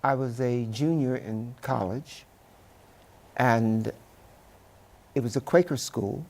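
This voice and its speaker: Slow, gravelly, oratorical older man. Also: medium pitch, a little mellow. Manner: measured, oratorical, speaks in deliberate phrases. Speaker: Broadway actor, interview guest. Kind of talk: studio interview talk. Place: TV studio.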